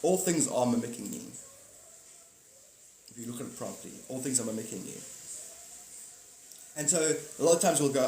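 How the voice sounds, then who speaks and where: A man's voice: mid-range voice, brisk, pauses often, warm tone. Live streamer, male, rambling and jokey, recorded in a roomy space with faint noise hiss. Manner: rambling, jokey, swears, acts out silly voices. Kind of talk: casual live stream chat. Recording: echoey room with faint noise.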